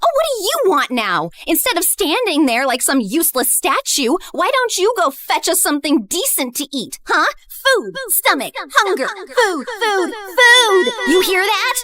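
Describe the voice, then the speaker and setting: A woman voicing a cruel, bitter teenage girl who sneers and accuses in an animated drama. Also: extremely high pitch, unhurried, few pauses, full character voice. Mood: mocking.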